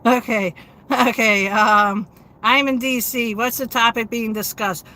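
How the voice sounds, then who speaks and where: A woman's voice: fairly high pitch, fairly even intonation, measured pace, pushed and bright, low-quality recording. A middle-aged woman hosting a live stream, chatting casually and catching viewers up as they join. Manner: chatty, explains while greeting viewers. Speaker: livestream host.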